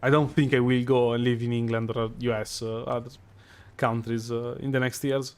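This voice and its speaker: A man's voice: mid-range voice, flat delivery, normal speed, clear, resonant tone. A young Italian man with an Italian accent, chatting casually with his live-stream audience while gaming, hesitant and full of fillers. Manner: hesitant, many fillers and restarts.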